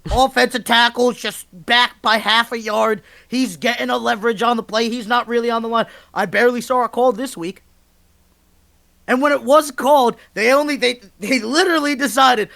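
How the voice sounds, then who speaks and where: A man co-hosting a sports podcast, ranting passionately and emphatically, with swearing and bursts of near-shouting. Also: high-pitched, vocal fry. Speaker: podcast co-host. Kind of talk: heated sports talk rant.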